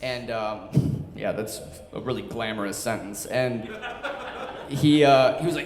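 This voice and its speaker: A man's voice: mid-range voice, steady tone, moderate pace, a little mellow, a little hiss or hum. A young man in his twenties telling a story on stage, loose and chatty, full of "like" and laughs. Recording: echoey hall.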